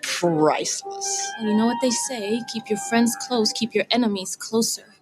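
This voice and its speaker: A woman's voice: fairly high pitch, fairly even intonation, normal speed, music in the background, lightly acted. An actress playing a scheming older mother-in-law. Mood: mocking. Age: 60s. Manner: theatrical, mocking. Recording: film clip under loud score.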